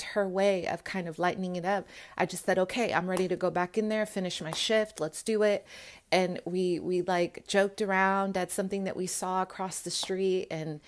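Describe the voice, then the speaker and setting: Earnest woman vlogging to her viewers. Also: mid-range voice. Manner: earnest, emphatic, addresses viewers directly. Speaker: spiritual vlogger. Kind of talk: casual talk to camera.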